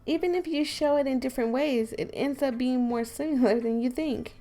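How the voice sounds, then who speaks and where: A woman voicing a poised, gentle teen girl who leads a school club, speaking softly and sweetly. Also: sits high, fairly quick, soft background music, voice pushed up, close to an everyday voice. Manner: soft, sweet and friendly. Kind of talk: voice acting a visual novel.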